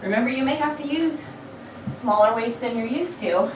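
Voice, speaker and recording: A woman's voice: fairly high pitch, normal speed, noisy background. A woman fitness instructor leading a workout, counting reps and chatting between sets, with a slight frog in her throat. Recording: echoey room, mic far off.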